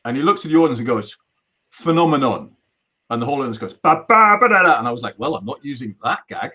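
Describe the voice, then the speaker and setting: A man's voice: mid-range voice, quick pace, a bit bright, breathy edge. A middle-aged man, a magician telling rambling stories in a casual interview chat. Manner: rambling storyteller with many restarts. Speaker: magician guest.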